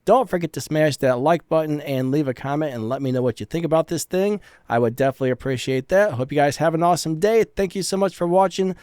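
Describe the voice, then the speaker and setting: A man's voice: fairly high pitch, quick pace, hardly any pauses, darkish tone, clear, resonant tone, no room sound. A man giving a casual, upbeat product review of audio gear, talking into studio microphones. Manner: casual, upbeat, plain-spoken. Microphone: studio condenser and dynamic mics.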